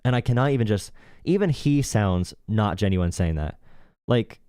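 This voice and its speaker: Low-voiced man mocking in rambling talk. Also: animated, normal speed, warm tone, clear, resonant tone, no room sound, clean studio sound. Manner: mocking, rambling, filler-heavy. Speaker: streamer host. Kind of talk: casual live-stream commentary.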